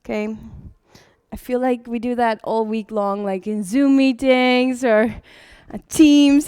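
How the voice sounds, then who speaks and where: A young adult woman teaching a live yoga class, giving calm step-by-step cues for breathing and posture. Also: a little high, clean tone, no echo, studio quality. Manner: chatty and laughing at the start, then slow and calm cueing. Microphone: livestream setup.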